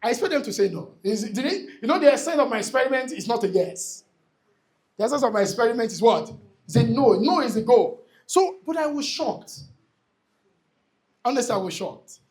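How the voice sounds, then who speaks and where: A man's voice: extremely high pitch, big pitch swings, fairly quick, pauses often, a little mellow. A man giving a motivational talk to a live audience at a real estate event. He is emphatic and repetitive and often calls out to the crowd. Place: event hall before an audience.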